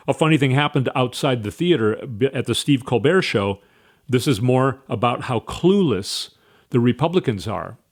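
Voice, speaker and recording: Animated man rambling through commentary. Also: medium pitch. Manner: rambling, asks many rhetorical questions. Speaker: host. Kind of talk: casual political commentary monologue.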